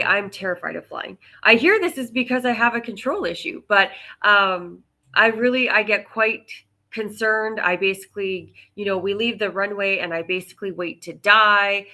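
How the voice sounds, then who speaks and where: A woman's voice: medium pitch, pushed and bright. A woman hosting a solo coaching podcast, talking casually and candidly, joking about herself. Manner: chatty, candid, self-deprecating.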